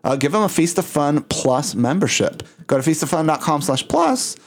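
A man's voice: a little high, lively intonation, moderate pace. A man co-hosting a podcast in casual chat, rambling and often searching for words. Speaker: podcast co-host.

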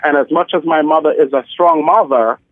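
Fairly high in pitch and a little fast, with no echo, a drag queen guest in his forties speaks on a casual phone interview. His manner is sassy and theatrical, full of honeys and darlings, and the phone line sounds tinny and dry.

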